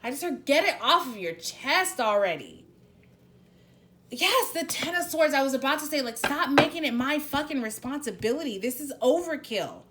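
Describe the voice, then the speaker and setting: A woman's voice: high-pitched, sing-song, moderate pace, a bit bright, slight background noise. A woman doing a casual spoken tarot reading. She talks bluntly, swears freely and rambles with many restarts. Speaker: tarot reader.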